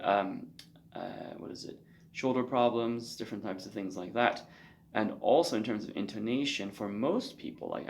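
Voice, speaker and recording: A man giving a spoken violin lesson, loose and conversational, often checking in with a quick "okay?". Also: lowish voice, slight background noise. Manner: loose and conversational, frequent ums and check-in okays. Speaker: violin teacher. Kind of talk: spoken instruction with demonstration.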